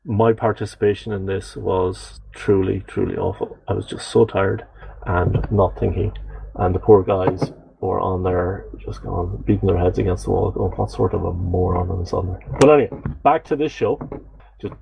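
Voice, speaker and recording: A man with a low, gravelly, mellow voice, co-hosting a casual podcast chat. He rambles through listener comments with plenty of fillers and self-deprecating asides. A faint hiss of noise sits under the recording. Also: steady tone, normal speed, low-quality recording. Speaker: podcast co-host.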